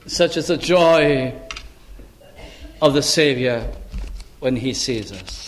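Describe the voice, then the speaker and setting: An older man preaching a sermon in an earnest voice. He uses old-fashioned biblical phrasing, rises sharply on pleading calls and drops low and soft between them. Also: takes it slowly, background noise.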